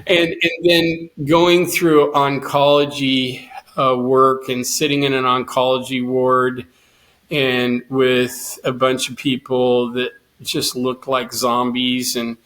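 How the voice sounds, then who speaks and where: A man's voice: mid-range voice, flat delivery, slow pace, a bit bright. A middle-aged man, a guest on an interview show, telling his story earnestly and quoting his own past thoughts. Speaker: guest, cancer survivor and swimmer.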